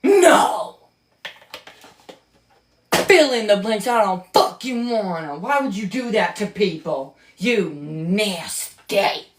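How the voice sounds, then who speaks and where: A woman's voice: mid-range voice, expressive, normal speed, slight background noise. A woman giving casual, sarcastic and profane reaction commentary on a book she reads aloud.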